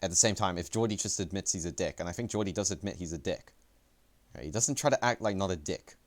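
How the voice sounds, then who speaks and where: A man's voice: sits low, fast. A young man streaming commentary on a match, rambling, profane and self-deprecating. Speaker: esports player and streamer. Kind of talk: livestream commentary.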